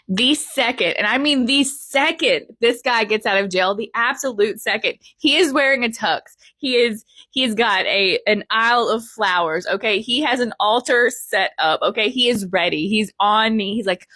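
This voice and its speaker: A woman's voice: mid-range voice, normal speed, pushed and bright, dry recording. A young woman vlogger giving playful, emphatic opinion commentary, with lots of exaggeration.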